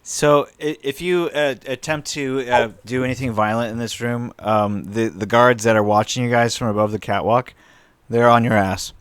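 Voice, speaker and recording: A man acting as game master, explaining rules with halting restarts. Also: mid-range voice, steady tone, fairly bright tone, clean tone, no room sound. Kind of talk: running a tabletop role-playing game.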